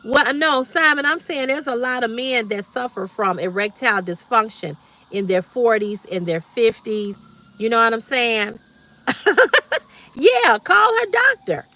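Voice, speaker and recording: A woman's voice: on the high side, moderate pace, bright, forceful tone. A woman, hosting a casual livestream, answering comments bluntly and directly with preachy repetition. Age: 50s. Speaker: livestream host.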